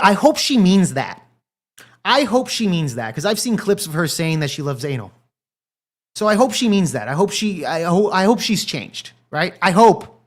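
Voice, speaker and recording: A man with a slightly high voice hosts a casual livestream. He rambles in a crude, profane way and keeps talking straight to the viewers in his chat. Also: fairly bright tone. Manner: talks straight to live chat. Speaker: livestream commentary host.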